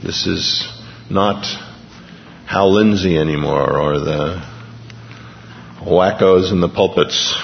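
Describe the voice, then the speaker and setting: A man's voice: deep voice, slow pace, creaky, pauses often, slight background noise. A male pastor preaching a sermon in a conversational way, reading a news item aloud and restarting his sentences as he goes. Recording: dull lo-fi recording with long hall reverb.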